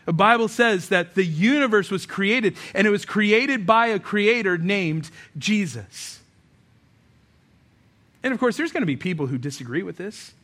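A man's voice: high voice, pushed and bright. A man preaching a sermon in a church that is also streamed online, talking casually and with emphasis, now and then slipping into voices of imagined people. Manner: emphatic, conversational preaching with acted asides. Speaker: pastor.

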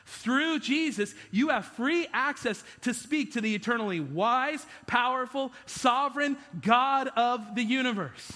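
A man, a pastor, preaching a conversational, animated sermon full of rhetorical questions to his congregation. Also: very high-pitched, a little slow, hardly any pauses. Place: church sanctuary. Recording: long hall reverb in a church.

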